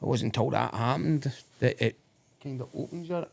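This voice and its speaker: A Scottish man co-hosting a podcast, speaking in an earnest, reflective way. His voice has a gravelly rasp. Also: medium pitch, moderate pace, darkish tone. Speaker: podcast co-host. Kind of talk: casual chat. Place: podcast studio.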